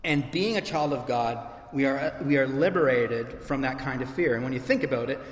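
In an echoey church sanctuary with long reverb, a middle-aged man delivers a sermon in a mid-range voice at a moderate pace. The pastor sounds conversational but impassioned, repeating points to hammer them home.

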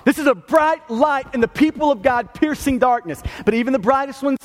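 Male pastor, very high voice, emphatic sermon, stumbles over words, long hall reverb. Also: brisk, soft background music. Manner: emphatic, repeats and restarts words, asks "okay" and "right".

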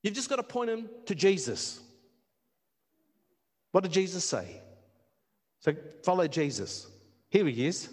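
A man preaching a passionate sermon, repeating words and building to near-shouts. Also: high voice, very animated, a little slow, long pauses. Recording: long reverb of a hall.

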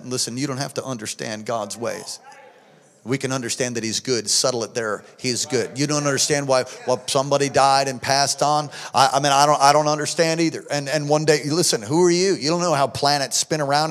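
A middle-aged male pastor preaching a sermon, telling stories emphatically and swinging from hushed tones to shouts. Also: medium pitch, creaky. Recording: long hall reverb.

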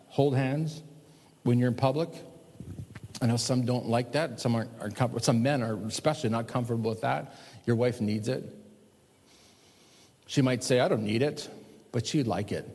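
A man preaching a sermon to a congregation, animated, swinging between loud emphatic lines and hushed, slow ones. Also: medium pitch. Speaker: pastor. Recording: long hall reverb.

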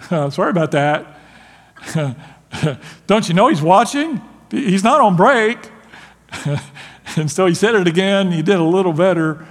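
A man preaching a sermon as pastor, animated and laughing, acting out quotes. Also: high-pitched, in a large hall.

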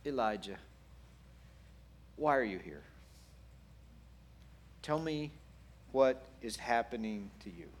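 A man voicing God as a gentle, patient speaker who asks softly and calmly during a sermon. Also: mid-range voice, a little slow, close to an everyday voice. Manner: soft, calm, patient.

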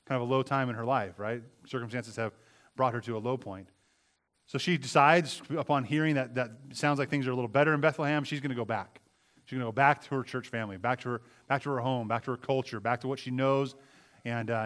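A man's voice: mid-range voice, fairly even intonation, fast, a bit bright. A man preaching a sermon in a conversational way, often repeating words and asking his listeners questions.

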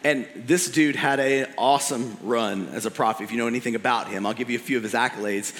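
A man preaching a sermon as pastor, telling a story in an animated way with casual slang. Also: medium pitch, quick pace, in a large hall.

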